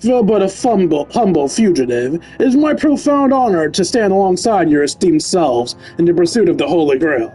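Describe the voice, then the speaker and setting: A man voicing a cowboy gunslinger who reads out a flowery formal letter in a lowered drawl. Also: expressive, normal speed, a little mellow, soft background music, low-quality recording. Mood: pompous.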